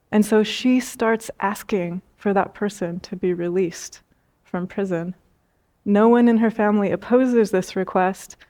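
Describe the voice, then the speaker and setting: A woman spiritual teacher giving a talk, telling stories gently with light laughs and repeated phrases. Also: medium pitch, fairly even intonation, unhurried.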